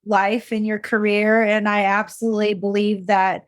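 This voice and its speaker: A woman hosting an interview podcast, speaking in an emotional, warm-hearted way. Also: mid-range voice, little pitch movement, normal speed, dry recording. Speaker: podcast host. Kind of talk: interview conversation.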